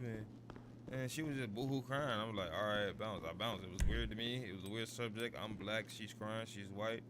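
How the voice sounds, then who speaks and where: Male streamer, 30s, low voice, casual and rambling, with noisy game sound underneath. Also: moderate pace. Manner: rambling, repeats "you feel me" constantly. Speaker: gaming streamer. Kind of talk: casual storytelling over gameplay.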